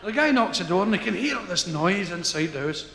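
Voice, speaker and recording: A Scottish comedian spins a rambling live story and bursts into shouted, high-pitched character voices. His voice rides high and swoops all over, in a roomy hall where audience laughter and reverb fill the background. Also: expressive, fairly quick, gravelly, a faint crowd. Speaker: stand-up comedian. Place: large concert hall before a laughing audience.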